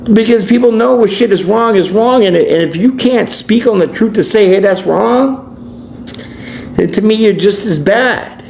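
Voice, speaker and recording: A man's voice: high voice, moderate pace, few pauses, darkish tone. A man, a tarot reader and life coach, ranting bluntly and preachily in a profane vlog monologue. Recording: echoey room, faint background noise.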